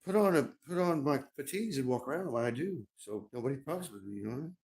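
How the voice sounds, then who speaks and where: Talking fast in an expressive, mid-range, slightly mellow voice, a middle-aged man rambles on a livestream indoors at home. His speech is profane and full of repetition.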